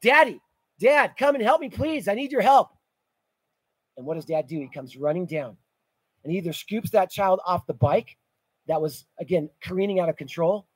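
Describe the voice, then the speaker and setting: A man's voice: high voice, a little mellow, no echo, low-quality recording. A middle-aged man preaching a sermon as pastor, telling vivid stories, his voice rising and falling in volume. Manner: storytelling preacher, rises and drops in volume.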